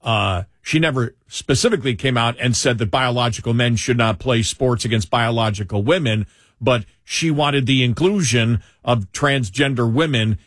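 A man's voice: mid-range voice, moderate pace, fairly bright tone, no room sound, studio quality. A man co-hosting a talk show, talking in an emphatic, opinionated way and repeating himself for effect. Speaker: co-host.

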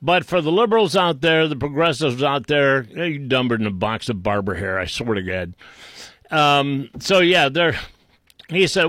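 A man's voice: a little high, animated, a little slow, a bit bright, no room sound, clean studio sound. A man giving an unscripted political rant, scornful and insulting, rambling with frequent restarts. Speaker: political commentator.

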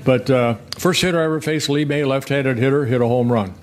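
A man's voice: medium pitch, a little fast, slight background noise. Older man telling rambling stories. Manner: rambling, folksy, with many restarts and fillers. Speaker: guest, former pitcher. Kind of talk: relaxed interview storytelling.

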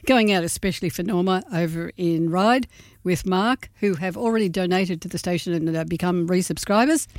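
A woman's voice: fairly low pitch, moderate pace, no room sound, studio quality. A woman co-hosting a community radio show, chatty and rambling, reading out a gig guide. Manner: chatty, warm-hearted, rambling asides. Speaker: radio co-host. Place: radio studio.

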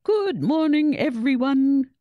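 A woman voicing a cheerful male school headmaster making an announcement, in a booming, cheery voice. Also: very animated, slow pace, no echo, phone-quality sound, full character voice.

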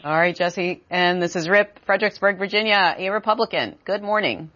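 A woman hosting a call-in radio show, brisk and conversational with callers. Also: fairly low pitch, a bit bright, highs cut off. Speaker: radio host.

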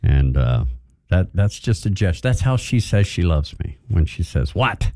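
A man's voice: deep voice, big pitch swings, normal speed, dark tone, dry recording, clean studio sound. A man hosting a chatty morning radio show. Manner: chatty, self-deprecating, laughs easily. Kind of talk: casual radio chat. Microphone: studio mic.

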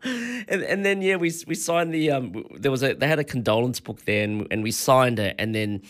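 Australian male radio host, 40s, middle pitch, chatty rambling storyteller. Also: brisk. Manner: rambling, chuckling storyteller with many fillers. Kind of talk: casual radio chat.

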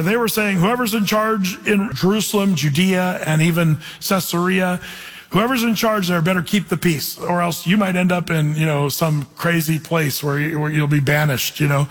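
Man, pastor, Bible teaching, animated and chatty, high voice, long hall echo. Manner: animated, conversational, reads scripture aloud. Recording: reverberant hall.

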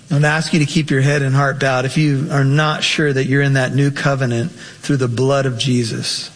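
A male pastor preaching a sermon with impassioned delivery, his voice climbing high on emotional quotes and then drawing into prayer. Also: level tone, moderate pace, hardly any pauses. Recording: long hall reverb.

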